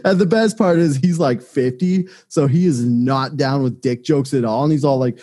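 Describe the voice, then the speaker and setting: A man's voice: mid-range voice, normal speed, mellow. A man co-hosting a casual podcast, telling crude, joking stories from his day. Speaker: podcast co-host.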